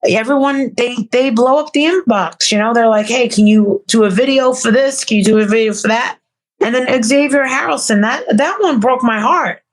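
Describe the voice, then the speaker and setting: A woman talking casually as an interview guest, blunt and quick to swear, laughing often. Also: on the high side.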